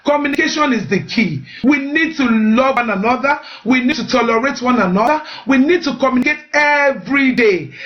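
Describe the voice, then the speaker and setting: A woman's voice: fairly high pitch, fairly bright tone, highs cut off. A woman hosting a live-streamed marriage advice talk. She speaks earnestly, urges her listeners and often repeats words while she finds the next one. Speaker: host of a marriage advice show.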